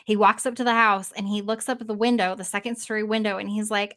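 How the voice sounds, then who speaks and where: A woman podcast host casually retelling a story in an animated way, swearing freely and trailing off now and then. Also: medium pitch, quick pace.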